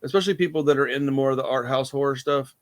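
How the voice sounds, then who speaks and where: A man's voice: medium pitch, rapid-fire. A young man hosting a casual movie review chat, laid-back and rambling, calling his friend dude and bro. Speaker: host.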